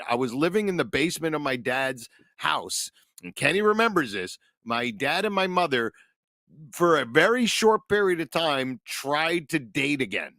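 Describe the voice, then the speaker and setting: A man's voice: on the high side, bright, forceful tone, no room sound, studio quality. A middle-aged man, a podcast co-host, telling a long, rambling family story with lots of swearing. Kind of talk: casual storytelling.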